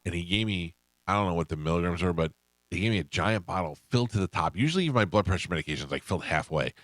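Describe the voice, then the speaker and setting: A middle-aged male radio host with a very low voice rattles off stories at a quick clip, acting out what people said. The sound is dry and close, with no room around him. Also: dry recording. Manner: storytelling, animated quoting of others. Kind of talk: casual chat.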